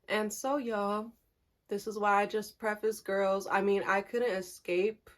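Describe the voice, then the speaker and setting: A young woman telling a candid storytime vlog, animated and talking straight to her viewers, laughing often. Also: mid-range voice, normal speed. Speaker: vlogger.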